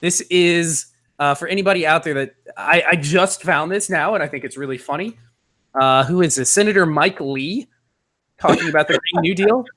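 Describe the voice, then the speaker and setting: Male co-host, fairly high and bright, animated casual delivery. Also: normal speed. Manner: laughs easily, animated. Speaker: podcast co-host. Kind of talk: casual podcast chat.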